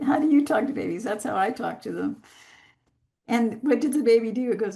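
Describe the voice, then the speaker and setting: Woman, teacher, gravelly voice, unhurried, deliberate pauses, video call. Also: fairly high pitch, animated, dark tone. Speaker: master class teacher. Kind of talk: live online class talk.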